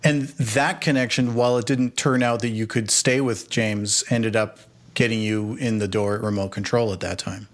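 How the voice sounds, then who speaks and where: A man's voice: on the low side, steady tone, normal speed. Man asking thoughtful interview questions. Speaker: podcast interviewer.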